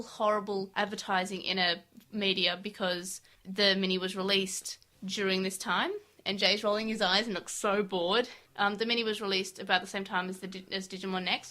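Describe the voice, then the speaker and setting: A woman's voice: mid-range voice, bright, forceful tone. A young woman co-hosting a podcast in casual chat, chatty and upbeat, with lots of fillers. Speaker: podcast co-host.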